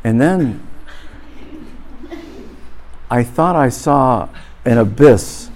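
A middle-aged man preaching at a church event, with a voice of ordinary middle pitch. He tells a story with animated comic exaggeration and then turns to a spoken blessing over his listeners. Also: extremely slow, long pauses. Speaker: pastor. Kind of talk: sermon with a humorous story. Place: church event before a live audience.

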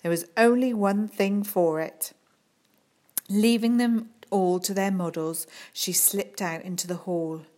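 A woman reading a children's book aloud in a calm, unhurried storytelling manner. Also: mid-range voice. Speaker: audiobook reader.

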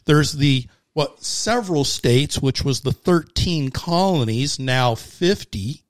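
A man's voice: fairly high pitch, animated, slow, dry recording, studio quality. A man talking as a podcast guest, laying out his views in a confident, lecturing way in casual political chat.

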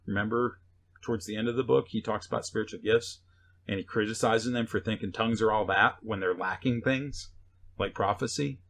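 A man's voice: on the low side, fairly even intonation, fairly quick, vocal fry, fairly bright tone, slight background noise. Conversational man preaching a sermon. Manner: conversational, sarcastic asides, frequent "right?" and "okay?".

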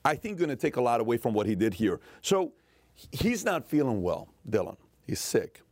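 A middle-aged man giving an earnest motivational talk, telling a family story and often slowing down to a soft, emotional tone. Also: mid-range voice, very animated, no echo, clean studio sound. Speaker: motivational speaker.

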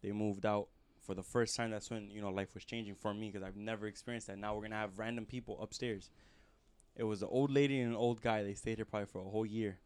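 A man with a low, smooth and resonant voice. He talks in a calm, measured way, as in relaxed conversation with a friend. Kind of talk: casual chat.

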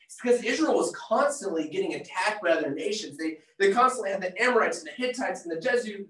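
A preacher giving a sermon who reads scripture aloud and retells it in a casual, excitable way. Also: mid-range voice, quick pace. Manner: excitable, casual and animated, slips into voicing the characters. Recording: echoey room, mic far off.

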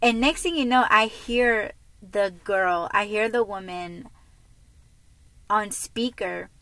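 Woman hosting her podcast, laid-back chatty storytelling, talks slow, lots of ums. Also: medium pitch, a bit bright, no room sound, low-quality recording. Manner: chatty, lots of fillers and laughs. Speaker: podcast host. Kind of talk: casual storytelling monologue.

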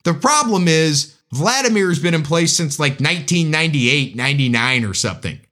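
A man's voice: a little high, animated, moderate pace, pushed and bright. A man giving a casual, joking, opinionated monologue as a commentator.

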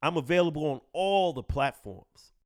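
A man's voice: fairly high pitch, animated, normal speed, background noise. Brash New man hosting a podcast. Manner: brash, boastful, emphatic. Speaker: podcast host. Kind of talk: profane casual commentary. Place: home studio in the Bronx.

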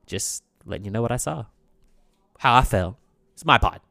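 A man hosting his own podcast in casual chat, rambling loosely and swinging between loud bursts and quiet asides. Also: mid-range voice, lively intonation, moderate pace, creaky, dry recording, clean studio sound. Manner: loose, rambling, frequent "you know what I'm saying". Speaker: podcast host.

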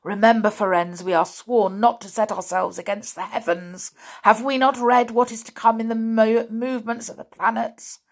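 A woman doing a thundering proud centaur, scornful and loud. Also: a little high, fairly even intonation, normal speed, few pauses, voice pushed up. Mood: warning. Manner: thundering, indignant. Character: stern angry male centaur, proud and scornful.

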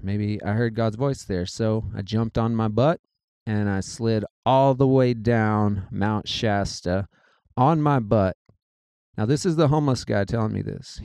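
Guy telling a crazy story he lived through, low mellow voice, smooth, dry close mic. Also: dry recording. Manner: animated, quotes people in their own voices. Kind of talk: casual spoken storytelling.

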